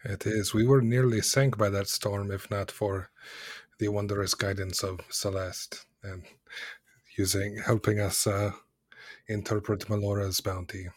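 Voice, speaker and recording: A man's voice: fairly low pitch, flat delivery, unhurried, no echo, studio quality. A man playing in a tabletop game, speaking in character in an earnest, hesitant way. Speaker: player. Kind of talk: tabletop role-play.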